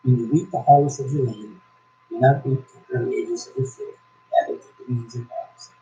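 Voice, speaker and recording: Guy reading slow n halting, stops to fix words, preachy, dark mellow voice, echoey room. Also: mid-range voice, lively intonation. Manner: preachy, exhorting. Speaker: YouTube commentator. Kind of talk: reading aloud and religious commentary.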